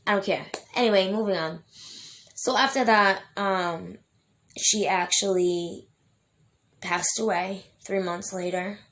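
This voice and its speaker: A woman's voice: mid-range voice, fairly even intonation, slow pace, a bit bright, a little hiss or hum. A young adult woman telling her own life story in a vlog, emotional and rambling, with many fillers and restarts. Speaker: vlogger.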